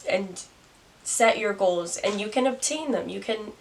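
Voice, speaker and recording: A woman's voice: medium pitch, unhurried, gravelly. A young woman doing a casual tarot reading to camera, musing aloud and laughing at herself. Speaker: tarot reader. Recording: distant mic, faint noise.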